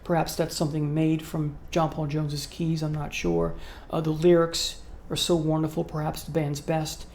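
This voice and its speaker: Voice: medium pitch, level tone, moderate pace, hardly any pauses, a little mellow, slight background noise. A channel host giving an unscripted spoken review to camera, earnest and admiring, with frequent ums and uhs. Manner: earnest, admiring, gets emotional about the music. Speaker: music video host ranking songs.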